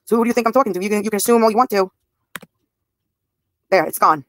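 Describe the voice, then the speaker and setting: A woman's voice: medium pitch, fast, no echo. 30s woman livestreaming, swears a lot, talks right at her chat, dry close mic. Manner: blunt and profane, addressing viewers' comments directly. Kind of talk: live stream talk to chat.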